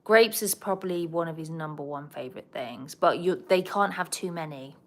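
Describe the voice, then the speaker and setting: A woman's voice: low-pitched, moderate pace. Chatty southern English woman. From England. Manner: chatty, reads and answers viewer comments. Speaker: host of a pet livestream. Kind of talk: casual livestream chat.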